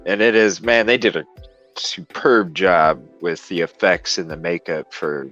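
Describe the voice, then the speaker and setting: A relaxed man with a low voice chats along, agreeing easily and swearing now and then. His sound is dull and lo-fi, with faint music underneath. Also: a little slow. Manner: laid-back, agreeing, swearing casually. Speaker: panel guest. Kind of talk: casual chat.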